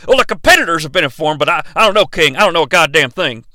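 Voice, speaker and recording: A man doing an impression of a flustered, folksy older male wrestling commentator who drawls in exasperation. It comes across as a quick spoof quote inside a podcast recap. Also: a little high, expressive, pushed and bright, dry recording, clean studio sound.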